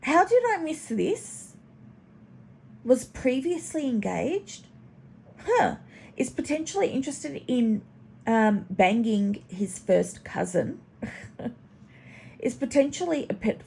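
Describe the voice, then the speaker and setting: A chatty, snarky woman hosts a casual reaction commentary and drops the odd swear word. Her voice is a touch high and gravelly with fry. She talks slowly over faint background noise. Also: very animated, a little mellow. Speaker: commentary channel host.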